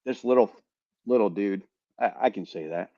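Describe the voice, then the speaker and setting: A man on a podcast telling a story in a casual, animated way, swearing and repeating words as he goes. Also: on the low side, moderate pace, dry recording, lo-fi sound. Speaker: podcast host, veteran.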